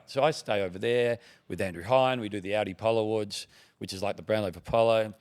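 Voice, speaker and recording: A man's voice: fairly low pitch, fairly even intonation, quick pace. A middle-aged Australian man, a TV broadcaster guesting on a podcast, telling long rambling anecdotes in casual chat. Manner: rambling anecdotes with quoted dialogue. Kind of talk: casual storytelling.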